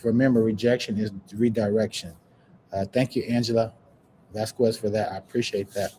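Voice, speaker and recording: A man hosting a podcast, chatting casually and preaching encouragement in a warm, churchy way. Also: fairly low pitch, level tone, normal speed, slight background noise. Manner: warm, churchy, breaks into laughs and sing-song. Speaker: podcast host. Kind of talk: casual livestream chat, preachy sign-off.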